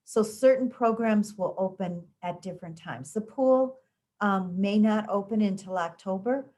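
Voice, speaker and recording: A woman's voice: medium pitch, measured pace, dark tone. A woman from the of the United States, an education official, answering interview questions in a conversational way with frequent ums and restarts. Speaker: school district education official.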